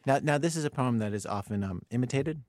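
A man hosting a radio show, introducing a guest and poems in a measured, wry way from a studio. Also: mid-range voice, expressive, a little mellow, no room sound. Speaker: radio host.

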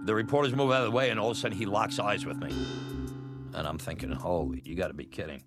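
Low-voiced man telling a personal story. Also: lively intonation, quick pace, loud music behind the voice. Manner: candid, chuckling, conversational. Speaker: storyteller, former batboy.

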